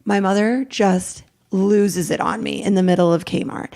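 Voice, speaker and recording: A middle-aged woman, a podcast guest, telling a raw personal story in a rambling, animated way, acting out what each person said. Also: mid-range voice, unhurried, creaky, hardly any pauses. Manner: rambling, animated retelling with quoted dialogue.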